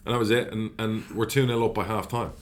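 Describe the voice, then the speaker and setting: The football club chairman, middle-aged, is blunt and lively in a casual interview, cursing freely as he recounts stories. He speaks fast in a lowish voice, and there's slight background noise.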